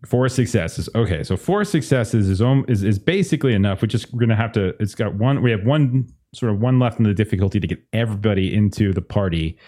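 Animated male game master. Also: fairly low pitch, fast, few pauses. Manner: animated, laughing, rambling. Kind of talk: narrating a tabletop game.

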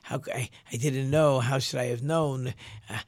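A flustered, humble poor man, as a man puts him on, speaks softly and haltingly with nervous restarts. The sound is dry and close. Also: mid-range voice, fairly even intonation, no room sound, lightly acted. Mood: humble, apologetic.

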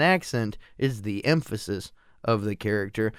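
A man's voice: lowish voice, moderate pace, smooth, no room sound, clean studio sound. A man hosting a solo podcast, talking casually and rambling about films with frequent swearing and self-deprecating asides. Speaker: podcast host reviewing films.

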